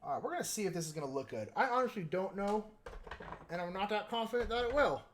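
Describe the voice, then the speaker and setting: A man's voice: high-pitched, expressive, fast, a bit bright, a little hiss or hum. A man hosting a casual livestream, talking in a rambling, joking way with plenty of filler words. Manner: joking, self-mocking. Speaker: livestream host painting miniatures.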